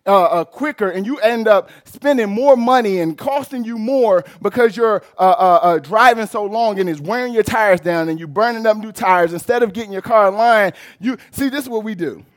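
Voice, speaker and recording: A male pastor preaching a sermon in a church, telling a personal story with lively, rising delivery and shouts. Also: high voice, moderate pace, few pauses. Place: church sanctuary.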